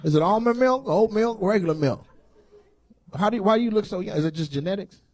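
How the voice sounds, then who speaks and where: A man's voice: sits high, lively intonation, quick pace, darkish tone. A male stand-up comedian doing crowd work on stage, brash, profane and teasing. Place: large comedy venue on stage.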